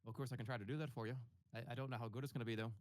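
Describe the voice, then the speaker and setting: A man's voice: mid-range voice, fairly even intonation, very fast, no echo. A man who is a guest on a live stream, joking around and tripping over his words. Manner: joking, stammers and repeats words. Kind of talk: casual chat.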